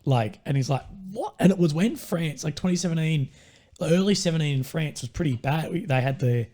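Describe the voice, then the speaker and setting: A young man, chatting casually and swearing freely as he tells animated stories. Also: fairly high pitch, fairly quick. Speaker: ex-military guest. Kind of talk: casual chat.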